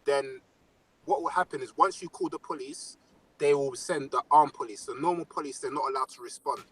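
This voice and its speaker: A young Londoner chats casually on a podcast, telling animated stories full of slang fillers. His medium-pitched voice is a little fast with a breathy edge, and the recording quality is low.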